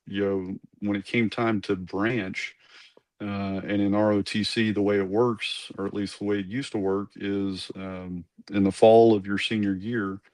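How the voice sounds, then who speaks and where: A man's voice: on the low side, darkish tone, dry recording. A man, a former Army commander, telling his story in a casual interview, rambling with asides and restarts.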